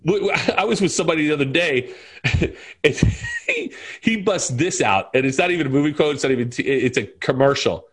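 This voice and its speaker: A man's voice: fairly high pitch, animated, a little fast, a bit bright, slightly rough. A man in his forties chatting casually as a podcast guest, rambling through stories and tossing out movie quotes between laughs. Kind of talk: casual chat.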